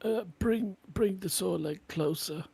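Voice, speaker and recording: A man's voice: high-pitched, measured pace, gravelly, dark tone, breathy edge, no room sound, pitched above the performer's own voice, heavily acted. A man voicing a blunt, distrustful adventurer who speaks curtly. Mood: wary. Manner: curt, distrustful.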